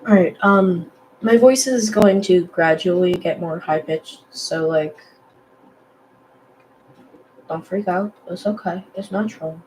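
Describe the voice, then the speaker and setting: Slow rambling young woman artist. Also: lowish voice, a little mellow, a little hiss or hum, poor audio. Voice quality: morning voice. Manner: rambling, self-deprecating, lots of fillers. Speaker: digital artist vlogger. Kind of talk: casual chat while drawing.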